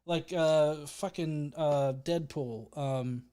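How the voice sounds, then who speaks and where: A man's voice: a little high, takes it slowly, warm tone, clear, resonant tone. A man hosting a casual livestream, joking, swearing, and thanking viewers as he rambles along with restarts. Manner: reads out viewer comments and thanks. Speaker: livestream host.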